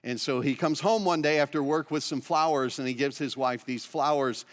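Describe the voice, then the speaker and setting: A man's voice: mid-range voice, normal speed, big-room sound. A man pastor preaching a sermon in an earnest, conversational way, posing rhetorical questions to the congregation. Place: church sanctuary.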